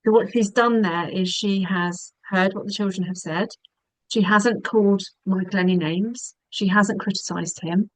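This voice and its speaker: A woman, a divorce specialist giving calm, measured webinar advice with frequent ums. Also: mid-range voice, no room sound, rough recording.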